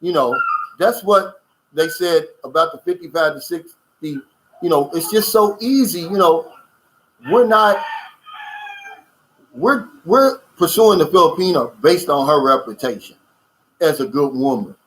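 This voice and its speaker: A man with a slightly higher-than-average voice hosts a casual livestream chat. He talks bluntly and emphatically, keeps calling his listeners "man," and stops to answer viewer comments. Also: a little slow, long pauses, fairly bright tone, a little hiss or hum, low-quality recording. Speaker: channel host reading viewer comments.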